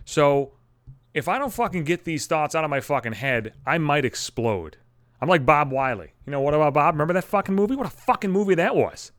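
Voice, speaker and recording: A man's voice: on the high side, a bit bright, dry recording. A man hosting a podcast, ranting alone at home into a microphone, blunt and swearing constantly. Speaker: podcast host. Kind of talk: solo profane rant. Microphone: studio microphone.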